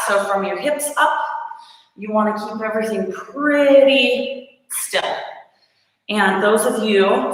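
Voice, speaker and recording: A chatty woman coaching a live workout class, her voice bright and sharp with a slight morning roughness. She talks in an easygoing, encouraging way, full of ums. The sound rings around a very echoey room with a long reverb tail. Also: fairly high pitch. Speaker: fitness instructor.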